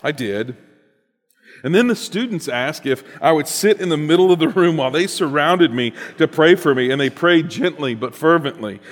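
A man's voice: fairly high pitch, lively intonation, normal speed, in a large hall. A man reading a written personal story aloud in an earnest, reflective way, then reflecting on it as host.

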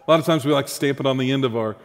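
A man's voice: mid-range voice, racing, in a large hall. A man preaching a sermon as pastor, conversational and humorous, with asides to the congregation.

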